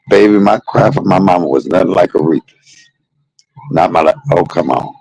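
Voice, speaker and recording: A man streaming a casual storytelling monologue, animated and laughing, shifting between jokes and heartfelt moments. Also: sits low, normal speed, creaky, breathy edge, low-quality recording.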